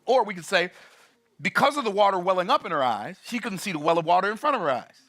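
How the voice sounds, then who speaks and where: A man teaching in a sermon style, animated and playful, asking his audience rhetorical questions. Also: high-pitched, quick pace. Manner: animated, playful, acts out voices and laughs at his own jokes. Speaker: business teacher.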